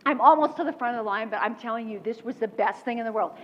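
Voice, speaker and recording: Woman keynote speaker, high voice, lively storytelling, long hall reverb, dull sound. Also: slight background noise. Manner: animated storytelling, quick laughs. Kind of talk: motivational keynote speech.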